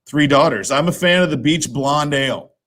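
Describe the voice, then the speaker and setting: Male podcast co-host, higher voice, joking, upbeat casual chat. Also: moderate pace, fairly bright tone.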